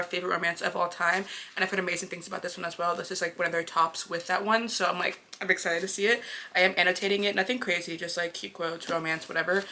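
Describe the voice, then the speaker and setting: A young woman talks fast and casually about books she is reading, gushing and poking fun at herself. Her voice is bright with a gravelly fry at the ends of phrases. Faint room noise sits behind her. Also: fairly low pitch. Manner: chatty, gushing, self-mocking. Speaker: book vlogger. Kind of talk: casual vlog chat.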